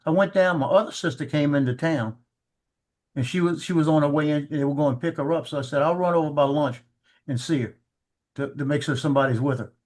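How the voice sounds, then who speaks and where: A middle-aged man telling family stories in casual chat, halting and repeating words as he acts out what people said. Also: on the high side, darkish tone.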